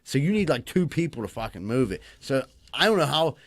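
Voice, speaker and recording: A man's voice: medium pitch, very animated, a little fast, a bit bright, dry recording, clean studio sound. A young man, co-hosting a casual podcast and telling profane stories with frequent laughter. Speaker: podcast co-host.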